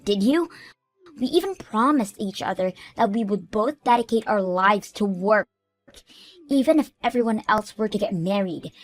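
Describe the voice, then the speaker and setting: A woman voicing a furious, jealous young woman who shouts accusations at her friend, in an animated story. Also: mid-range voice, no room sound, natural voice.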